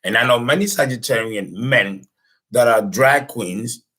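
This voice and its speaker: A man's voice: medium pitch, measured pace, sharp tone, poor audio. A man talking as an astrologer, rambling through a casual lecture with many fillers and restarts. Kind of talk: casual lecture and phone call.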